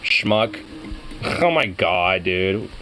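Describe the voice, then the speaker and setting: A man's voice: low voice, expressive, very slow, pushed and bright, a little hiss or hum. A young man reacting to a video, ranting in a heated, profane, casual way.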